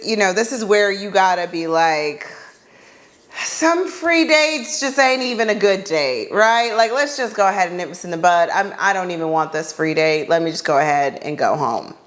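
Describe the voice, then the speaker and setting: Woman podcast host, animated storyteller, blunt exasperated asides, acts out her replies. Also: medium pitch. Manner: animated, acts out her own reactions in dialogue. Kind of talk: casual comedic storytelling.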